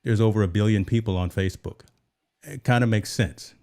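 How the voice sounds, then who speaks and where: A man's voice: on the low side, brisk, dark tone. A man hosting a tech show, chatting casually and explaining as he goes, often checking in with "right?". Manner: conversational, explains with repeated "right?".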